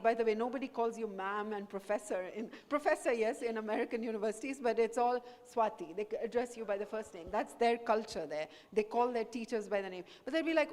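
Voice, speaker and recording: A woman's voice: a little high, quick pace, hardly any pauses, darkish tone. A woman from India, a professor giving an earnest, encouraging talk to students and moving between English and Hindi. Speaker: guest speaker, professor. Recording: echoey hall with long reverb.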